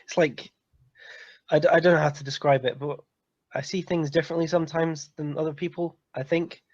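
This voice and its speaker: A man's voice: on the high side, fairly even intonation, a little fast, highs cut off. A man from England chatting casually, rambling and often laughing. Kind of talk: casual chat.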